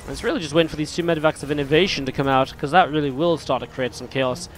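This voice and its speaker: A man's voice: fairly high pitch, very fast. A man casting a live esports match, chatting to viewers in a rambling way, his voice slightly strained. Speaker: esports caster and host. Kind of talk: live play-by-play game commentary.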